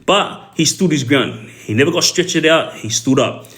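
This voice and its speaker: A man with an Australian accent, a former prisoner telling his story casually on a livestream, halting often with fillers and repeated words. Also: on the high side, animated, a bit bright.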